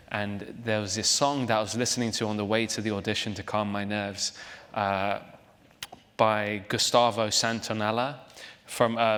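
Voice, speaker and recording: A man's voice: lowish voice, little pitch movement, normal speed, a bit bright. Young man, chatty, in a reverberant hall. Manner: chatty, laughing, self-deprecating, with restarts. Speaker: actor guest. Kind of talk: onstage interview. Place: large theater hall, live audience.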